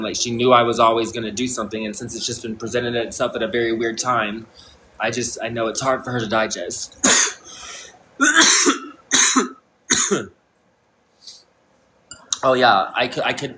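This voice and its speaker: A man's voice: medium pitch, moderate pace, pauses often, sharp tone, a little hiss or hum, poor audio. Intense rambling man in his thirties. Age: 30s. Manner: rambling, intense, profane, with repeated restarts. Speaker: livestreamer. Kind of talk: casual livestream monologue. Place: indoor room.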